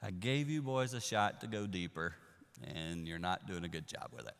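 A preacher voicing a calm grown man who speaks softly and never hurries, gently teasing those around him. The voice is quiet and laid-back. It echoes through a large hall. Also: deep voice, moderate pace, creaky, clear, resonant tone, voice pushed down. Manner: soft, laid-back, hushed.

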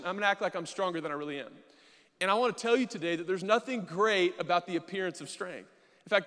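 A young male pastor preaches in a relaxed, joking way, now and then acting out his own thoughts in quoted asides. His voice sits a little high for a man. The sound trails off in the long reverb of a big church hall. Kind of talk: sermon. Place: church sanctuary.

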